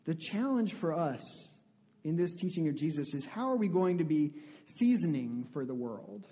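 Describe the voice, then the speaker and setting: High-voiced pastor with a mellow tone. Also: male voice, sing-song, moderate pace. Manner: conversational, asks the congregation questions. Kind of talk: interactive sermon.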